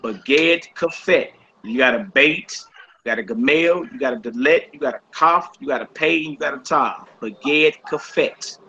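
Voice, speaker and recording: Bright-voiced man teaching a language class. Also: a little high, normal speed, creaky, slight background noise. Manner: patient, repeats each instruction. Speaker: Hebrew teacher. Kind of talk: classroom instruction. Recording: dull lo-fi recording.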